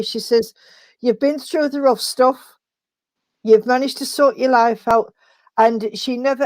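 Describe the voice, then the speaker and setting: A woman's voice: fairly high pitch, a little mellow, no echo. A woman giving spirit messages at a service, chatty and affectionate, calling people sweetheart. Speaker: spiritualist medium.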